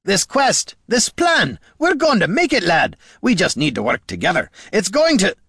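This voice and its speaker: A man voicing a gruff, stubbornly hopeful veteran dwarf warrior who talks in eager shouts. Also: medium pitch, moderate pace, no room sound, studio quality, pitched above the performer's own voice, heavily acted. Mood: fervent. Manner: shouting, excited, burly.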